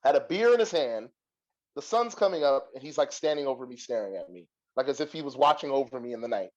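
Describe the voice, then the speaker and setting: A young adult man hosting a podcast and telling a long story in a profane, animated way, laughing often. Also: medium pitch, fast talker, muffled recording. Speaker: podcast host. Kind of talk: casual storytelling.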